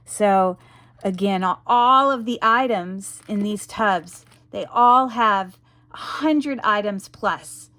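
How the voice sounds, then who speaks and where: A woman's voice: medium pitch, slow pace, pushed and bright, no echo. A woman casually presenting jewelry she sells, chatty and rambling with lots of ums, in an enthusiastic selling tone. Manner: chatty, rambling, frequent ums and you-knows. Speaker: jewelry seller presenting her wares. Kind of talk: casual product showcase.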